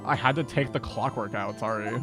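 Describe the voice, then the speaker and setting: A composed older sister and lawyer, voiced by a woman speaks in a low, even voice with gentle, dry teasing. Game music hums in the background. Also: brisk. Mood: gently teasing.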